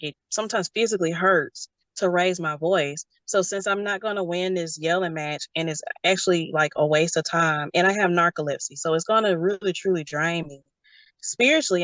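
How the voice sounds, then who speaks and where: Brief: young adult woman, lively storyteller, dry close sound. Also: on the low side, dry recording. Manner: animated storytelling, quotes others in character. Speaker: guest. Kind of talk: casual conversation.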